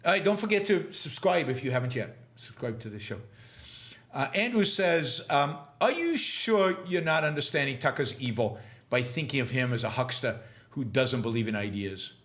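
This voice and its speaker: A middle-aged man hosting a livestream, answering viewer questions in a halting, argumentative way with many restarts. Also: medium pitch, sing-song, a bit bright. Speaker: podcast host answering live questions. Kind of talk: livestream commentary and Q&A.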